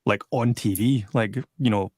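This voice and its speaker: A man's voice: fairly low pitch, moderate pace, a little mellow, no echo. Glasgow guy hosting a chat show, rambly and filler-heavy, dry close mic. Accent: Glaswegian. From Scotland. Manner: chatty, rambling with many fillers. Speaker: podcast host. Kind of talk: casual chat.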